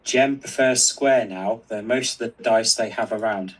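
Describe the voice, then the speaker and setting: A man's voice: mid-range voice, measured pace, fairly bright tone, distant mic, low-quality recording. A man co-hosting a stream, reading out viewer comments in casual chat, hesitant and full of fillers.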